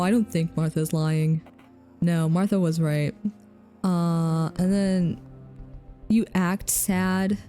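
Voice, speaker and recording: A woman's voice: fairly low pitch, mellow. A woman streaming a game, chatting playfully with viewers and laughing often. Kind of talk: casual game commentary.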